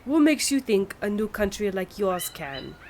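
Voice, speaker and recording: A haughty, scoffing French diplomat, put on by a woman in a fake French accent. The talk is slow and looks down on everyone. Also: medium pitch, animated, a little mellow, slight background noise, lightly acted. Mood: scornful. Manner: scoffing, condescending.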